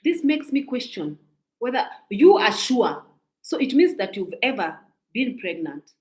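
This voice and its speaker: A woman's voice: fairly high pitch, big pitch swings, a little slow, darkish tone, reverberant, poor audio. A woman in her forties giving a scolding, preachy commentary monologue, repeating her points. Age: 40s. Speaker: social media commentator.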